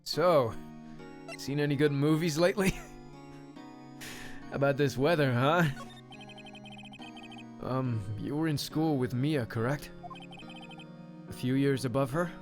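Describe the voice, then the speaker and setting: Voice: medium pitch, slow, long pauses, soft background music, close to an everyday voice. A streamer voicing an earnest young male defense lawyer in a courtroom video game. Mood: curious.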